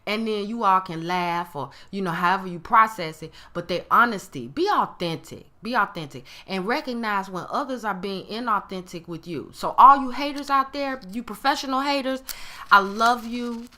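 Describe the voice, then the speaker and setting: A woman motivational speaker gives an emphatic talk to camera, often acting out other people's tones. Her voice is medium-pitched and sharp, at a moderate pace.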